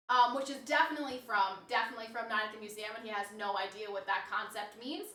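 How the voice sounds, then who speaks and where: A woman streams live from her home, in a room with a snake enclosure, rambling casually and answering her chat as she goes. She talks fast with few pauses, in a fairly bright, slightly high voice. The distant mic gives the recording a roomy sound.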